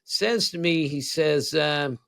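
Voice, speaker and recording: Gravelly man in his sixties. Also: a little high, slow, fairly bright tone, no room sound. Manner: rambling anecdotes with frequent laughs. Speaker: co-host, former baseball writer. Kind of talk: casual storytelling chat.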